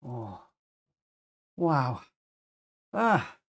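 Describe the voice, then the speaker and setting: A man's voice: mid-range voice, big pitch swings, very slow, a bit bright. A man from the United Kingdom commentating his live racing game stream, chatting to viewers and reading out the race results.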